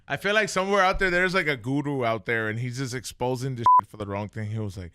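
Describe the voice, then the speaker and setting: A man's voice: medium pitch, a little fast, background noise. A man hosting a podcast, chatting casually and playfully hyping up a guest. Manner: playful, hype-man introductions. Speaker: podcast host. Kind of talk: casual chat.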